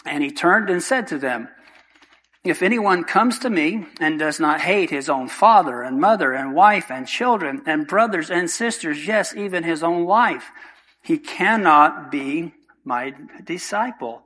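A man's voice: fairly high pitch, fairly bright tone, rough recording. A man preaching a sermon, earnest and emphatic, repeating key points and asking rhetorical questions. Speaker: pastor.

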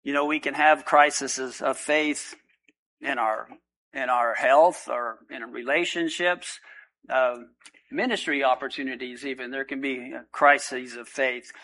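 A man, a pastor, praying and then preaching a sermon in an earnest, unhurried way with frequent filler pauses. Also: mid-range voice, fairly even intonation, bright, forceful tone, rough recording.

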